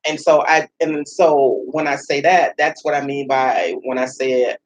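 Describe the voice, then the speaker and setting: A middle-aged woman as a radio show guest, talking in a rambling, animated way with many restarts and laughs. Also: a bass voice, a little slow, poor audio. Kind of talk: casual heartfelt radio conversation.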